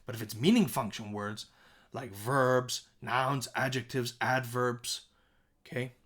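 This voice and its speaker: Animated male music teacher. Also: medium pitch, a little slow. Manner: animated, emphatic speaking of example lines; restarts and self-corrections while explaining. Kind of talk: songwriting lesson.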